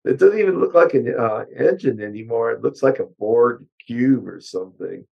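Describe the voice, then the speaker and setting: An older man, a car engineer, chatting bluntly and ramblingly as an interview guest, his voice hoarse. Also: medium pitch, expressive, moderate pace, muffled recording. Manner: blunt, rambling, with many fillers. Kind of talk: casual interview chat.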